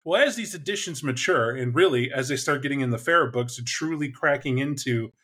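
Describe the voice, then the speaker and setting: A man in casual conversation about tabletop games, animated and quick to act out voices. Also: mid-range voice. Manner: animated, acts out voices and shouts in bursts.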